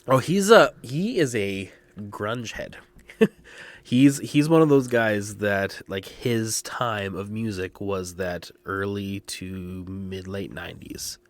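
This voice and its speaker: A man co-hosting a podcast in casual chat, telling animated stories and laughing often. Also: on the low side, slow, dry recording. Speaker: podcast co-host.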